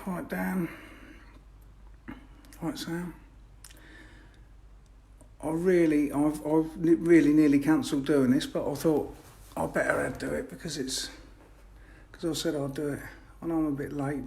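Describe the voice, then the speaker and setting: A man's voice: on the high side, vocal fry, mellow, slight background noise. A man with an English accent, chatting casually on a live stream outdoors by a fishing lake. He rambles and interrupts himself. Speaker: fishery owner streaming live.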